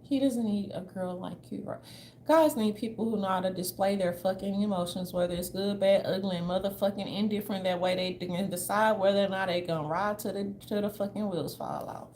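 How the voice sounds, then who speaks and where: A woman's voice: mid-range voice, steady tone, fairly quick, hardly any pauses, darkish tone, slight background noise. A woman from the southern United States doing casual livestream commentary, loose, chatty, blunt and profane as she talks straight to her viewers.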